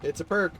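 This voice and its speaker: A man who is a little sick, chatting casually with viewers and players as he streams a game. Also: very high voice.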